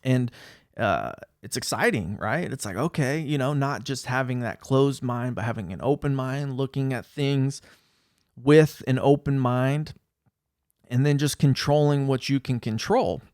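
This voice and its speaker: A man's voice: mid-range voice, measured pace, darkish tone, smooth, no echo, clean studio sound. Laughing, self-mocking man vlogger. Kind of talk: casual talking-head vlog.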